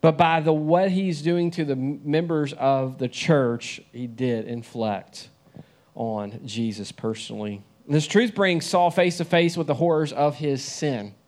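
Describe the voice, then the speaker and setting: A man's voice: fairly high pitch, unhurried, a little mellow. A young man preaching a sermon in a conversational way, often asking the listeners questions.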